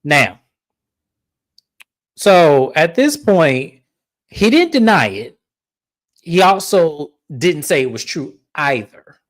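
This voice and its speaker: A woman's voice: sits low, very animated, slow, long pauses. A woman recapping a reality show in casual commentary, blunt and opinionated, swearing freely.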